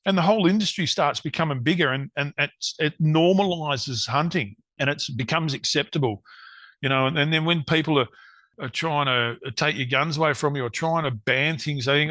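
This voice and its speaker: A man's voice: fairly high pitch, moderate pace, sharp tone, no echo. An Australian man, a guest on a hunting podcast, chatting casually and acting out what people said to him. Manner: rambling storyteller, acts out quotes.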